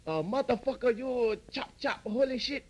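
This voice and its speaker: A hot-headed young restaurant worker, as a man acts him out, spitting out broken, stumbling threats in a raised, strained voice. The voice is pushed higher than the performer's own and lively in pitch, in a comedy sketch. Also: moderate pace. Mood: furious, sputtering. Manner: sputtering, broken phrasing, angry threats.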